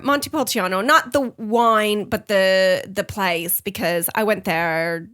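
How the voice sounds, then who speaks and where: A woman's voice: medium pitch, slow pace, hardly any pauses, fairly bright tone. A young woman co-hosting a podcast, chatting casually and teasing her friend with frequent giggles. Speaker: podcast co-host. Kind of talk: casual chat.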